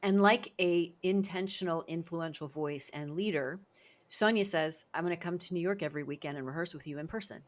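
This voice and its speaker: A woman's voice: fairly low pitch, a little fast. A woman hosting a podcast interview as a speaking coach, talking in an effusive, praising way. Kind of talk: interview conversation.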